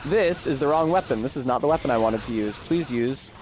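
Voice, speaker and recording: Male game streamer, mid-pitched, rambling and profane, faint music behind. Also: animated, a little fast. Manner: rambling, profane and self-deprecating. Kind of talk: casual gameplay commentary.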